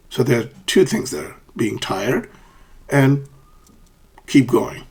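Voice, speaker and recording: Husky man teaching English intonation. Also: very animated, a little slow. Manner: models example sentences with exaggerated rising and falling pitch; checks in with frequent "okay?". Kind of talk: online pronunciation lesson.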